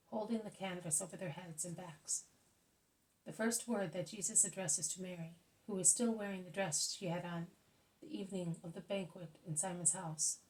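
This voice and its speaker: A woman narrating a religious story in a steady, measured reading. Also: lowish voice, poor audio. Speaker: audiobook reader. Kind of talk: scripted narration.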